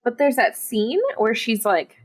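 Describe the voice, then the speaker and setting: A woman's voice: fairly high pitch, unhurried. A woman co-hosting a podcast, chatting casually and animatedly about a film, full of fillers and exasperation. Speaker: podcast co-host. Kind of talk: casual chat reviewing a film.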